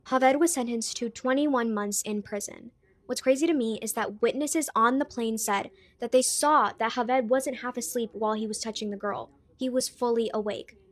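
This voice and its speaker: A woman narrating a case recap in an indignant tone. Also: on the high side. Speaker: commentator.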